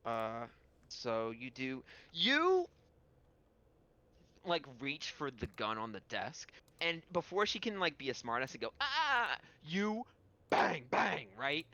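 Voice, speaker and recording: A man narrating a tabletop game as game master, animated and rambling with fillers. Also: mid-range voice, takes it slowly, highs cut off.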